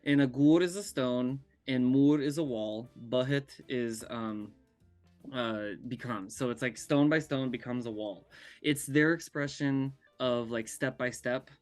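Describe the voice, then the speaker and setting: A man from California, a guest telling personal stories in a casual, animated way and laughing often, recorded over a remote call. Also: medium pitch, a little slow, no echo, soft background music. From California, USA. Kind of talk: casual storytelling.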